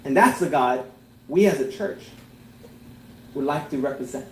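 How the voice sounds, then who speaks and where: A man preaching a sermon as pastor, earnest, swelling to emphatic peaks and then dropping to soft, tender lines. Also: medium pitch, animated, moderate pace, roomy sound, slight background noise, poor audio.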